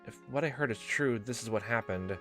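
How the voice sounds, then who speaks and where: A man voicing a gentle but guarded teenage girl in a visual novel, his voice raised and softened, turning from sweet to flat and mocking. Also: medium pitch, fairly quick, soft background music, natural voice. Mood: earnest. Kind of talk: dramatic reading of visual novel dialogue.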